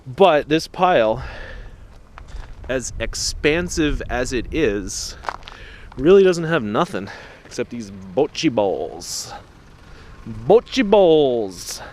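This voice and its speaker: A man chatting to the camera while trash picking outdoors at night, excitable, through a small camera-mounted mic. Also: medium pitch, takes it slowly, long pauses. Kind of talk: casual vlog narration.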